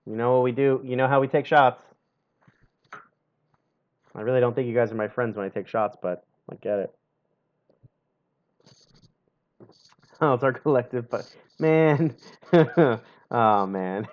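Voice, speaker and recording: A man's voice: mid-range voice, dull audio. A young man on a live stream reading a gamebook aloud, full of sarcastic asides and frequent laughs, in a home streaming setup.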